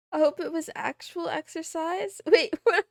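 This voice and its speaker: A woman streamer chats casually with her viewers in a very high voice. She talks slowly and playfully, teasing and grumbling about herself. The sound is dry and close, with no room around it. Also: no echo. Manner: playful, greets chat by name, meows and giggles; complaining, self-deprecating. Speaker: VTuber streamer. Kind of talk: casual live-stream chat.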